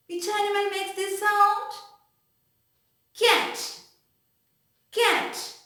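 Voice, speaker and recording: A woman teaching an online class to young children, asking questions and making animal sounds in a slow, deliberate, exaggerated way. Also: sits high, big pitch swings, bright, forceful tone. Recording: echoey room.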